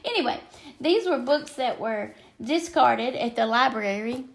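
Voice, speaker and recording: An older woman with a Southern American accent chats casually on a craft livestream from her craft desk at home, rambling and greeting viewers by name. Her voice is a little high and creaky, with lively intonation and a measured pace.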